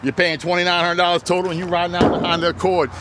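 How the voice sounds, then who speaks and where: Car lot guy hyping his cars, jokey salesman talk, kinda high sharp voice, outside with a little background noise. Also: little pitch movement, rapid-fire. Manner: folksy, joking salesman patter. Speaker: used car dealer. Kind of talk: walkaround sales pitch.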